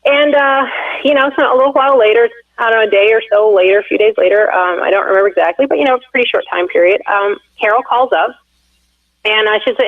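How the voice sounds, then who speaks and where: A woman in her forties, the candidate's wife, talks fast in a slightly high voice with fairly even intonation during a phone-in interview. Her long story is casual and rambling, broken by frequent fillers and restarts, and the tinny, dry telephone audio has no echo.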